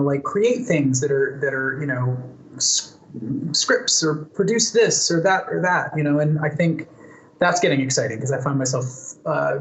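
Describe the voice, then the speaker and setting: A man's voice: medium pitch, slight background noise. A man answering fan questions in a casual live Q&A, chatty and thoughtful, with plenty of fillers and restarts. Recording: roomy echo, faint ambience.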